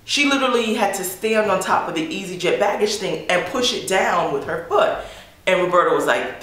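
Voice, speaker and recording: A woman's voice: lowish voice, expressive, moderate pace, fairly bright tone. A woman vlogger casually telling a story to her camera, chatty and full of "like" fillers. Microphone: camera mic. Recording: echoey room.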